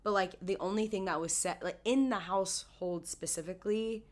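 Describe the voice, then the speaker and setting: A young woman with a raspy voice, a little sick, co-hosting a podcast and rambling through a casual chat with frequent restarts. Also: medium pitch, fairly quick. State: getting sick. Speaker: podcast co-host.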